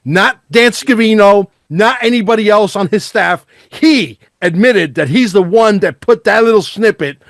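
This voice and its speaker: A male talk-show host with a fairly high voice speaks excitably and swears constantly. He trips over words as he rushes through his points. The sound is dry and close. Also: dry recording. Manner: excitable, heavily profane, stumbling over words. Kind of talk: political talk show chat.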